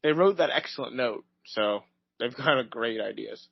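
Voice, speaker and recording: Brief: mid-pitched man, wry deadpan podcast co-host, dry close mic, muffled lo-fi sound. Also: moderate pace, vocal fry, breathy edge, no echo. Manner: sarcastic, deadpan jokes. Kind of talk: casual comedic banter. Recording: dull, slightly lo-fi podcast mic.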